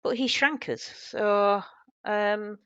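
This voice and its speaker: A woman's voice: mid-range voice, steady tone, slow, a bit bright, clean tone, no room sound, lo-fi sound. A woman player in a tabletop game, speaking earnestly in character chat. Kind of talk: tabletop role-play chat.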